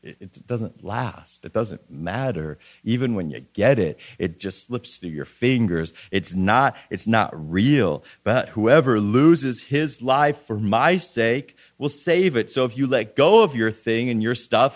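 A man's voice: mid-range voice, animated, a little slow, few pauses. Guy preaching a sermon, earnest, keeps restarting lines, reads bible verses out. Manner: earnest, repeats and restarts phrases, reads scripture aloud.

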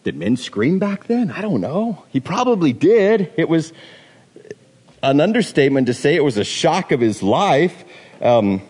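A man's voice: on the high side, darkish tone, husky. Man preaching in a reverberant hall. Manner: casual, joking retelling with playful voices. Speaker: pastor. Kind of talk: sermon.

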